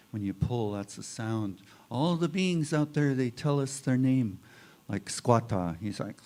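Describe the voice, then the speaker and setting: A man's voice: mid-range voice, a little mellow. A man telling a traditional story at a spiritual service, drawing out words and inviting listeners to call back. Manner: unhurried, chanting the story's opening and drawing out words. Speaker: guest storyteller.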